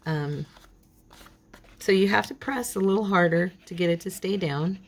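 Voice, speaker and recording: A woman hosting a casual crafting tutorial, chatting and talking to herself as she works, with a frog in her throat that keeps her clearing it. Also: lowish voice, moderate pace. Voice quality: chatty, talks to herself while working. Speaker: craft channel host.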